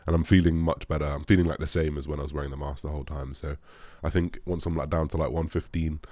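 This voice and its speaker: A young man with an extremely low, deep voice rambles through viewer questions in an easygoing chat, leaning on "like" and dropping swears. The sound is close and dry, with no room around it. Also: fairly even intonation, quick pace, dark tone, dry recording. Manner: rambling, lots of "like", swears casually. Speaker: bodybuilder answering viewer questions. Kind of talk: casual Q&A chat.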